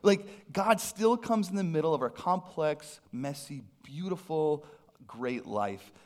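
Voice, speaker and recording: A man who is a pastor, preaching a sermon with personal storytelling, animated and self-deprecating. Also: on the high side, takes it slowly. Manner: animated, self-deprecating humor, frequent restarts.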